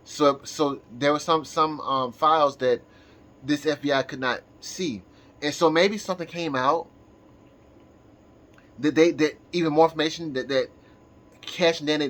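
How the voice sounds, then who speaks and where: A tired man talking in a casual, halting monologue to his viewers, full of restarts and fillers. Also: on the high side, fairly bright tone. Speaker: channel host.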